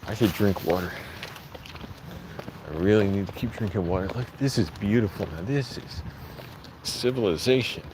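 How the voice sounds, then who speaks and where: A man with a lowish voice rambles to the camera as he strolls along outdoor streets. Passing traffic and street noise come through clearly behind him on this handheld walking vlog. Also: normal speed, pauses often. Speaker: vlogger.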